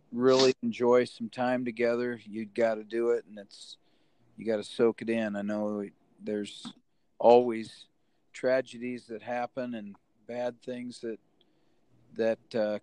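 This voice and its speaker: A man, a podcast guest speaking in a reflective, halting way. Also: on the low side, dark tone, clean tone, dry recording. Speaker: podcast guest, officials director. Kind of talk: casual chat.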